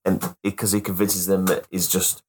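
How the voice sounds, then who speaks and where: A man on a casual podcast rambles through an anecdote, chuckling along the way. His voice sits fairly low. He talks in a loose, friendly manner. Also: little pitch movement, moderate pace, background noise. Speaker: quiz player.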